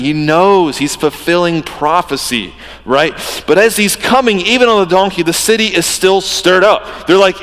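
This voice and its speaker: Male pastor in his thirties, slightly higher-pitched voice, casual storytelling delivery with acted-out lines, long reverb of a church hall. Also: a bit bright. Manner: conversational, acts out imagined dialogue. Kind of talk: sermon.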